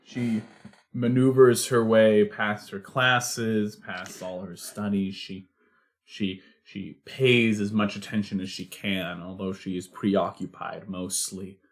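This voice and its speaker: A man's voice: fairly low pitch, flat delivery, slow. A man narrating an improvised audio drama casually, with frequent fillers. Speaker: co-host and improviser.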